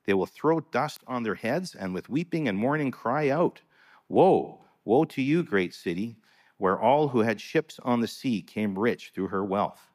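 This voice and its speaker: A man's voice: mid-range voice, animated, a little slow. A man reading a long scripture passage aloud in a church service, solemn and rising to proclamation on the quoted cries. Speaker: scripture reader.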